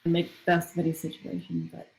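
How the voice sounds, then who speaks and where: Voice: medium pitch, completely flat delivery, a little fast, creaky, a little mellow, rough recording. Chatty role-play player.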